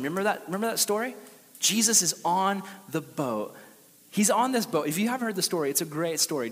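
A young man preaching a casual, animated youth sermon and acting out the quotes he tells. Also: sits high, big-room sound. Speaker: youth pastor.

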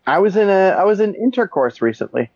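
A man with a fairly high voice tells rambling stories full of jokes in a loose, casual chat. His audio sounds a little muffled and dry, like it was picked up by a remote call setup. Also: very animated, fast talker, a little mellow, slightly rough, no echo. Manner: rambling, joking storyteller. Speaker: guest.

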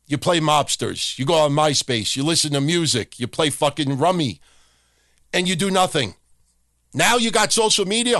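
A man's voice: on the high side, lively intonation, normal speed, a bit bright, no echo, clean studio sound. A man hosting a podcast, ranting profanely and mocking people by acting out their lines. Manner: profane, mocking, acts out other people's talk. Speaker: podcast host. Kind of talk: opinionated rant.

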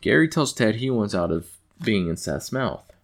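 A man's voice: lowish voice, big pitch swings, normal speed. A man casually recapping an episode in a rambling, amused way with lots of fillers. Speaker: show recapper.

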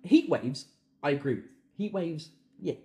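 His voice runs a little high and animated, with a roomy sound to it. A comedian on a one-man podcast, he sweats in a stuffy little room while ranting and swearing through listener questions, often jumping suddenly to shouting.

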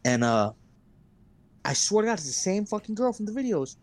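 A man's voice: sits high, very animated, a little fast. Young male podcast co-host, casual storyteller, heavy cursing. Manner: rambling storyteller, heavy swearing and fillers. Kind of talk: casual chat.

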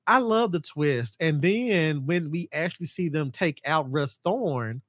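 A man hosting a casual podcast chat about horror films, excitable and jumping into high voices to act out scenes. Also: a little slow, no room sound. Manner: animated, acts out scenes in a high mocking voice. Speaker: podcast host.

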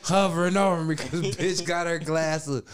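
A man telling a crude story in casual chat, laughing loudly now and then. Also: a little high, fairly even intonation, normal speed, a crowd in the background. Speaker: podcast storyteller.

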